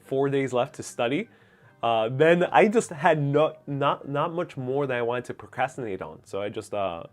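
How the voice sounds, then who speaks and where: Easygoing young man, Queens Nuyorican accent. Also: medium pitch. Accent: New York Puerto Rican, Queens. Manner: relaxed, rambling, many fillers. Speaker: host. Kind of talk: casual livestream Q&A.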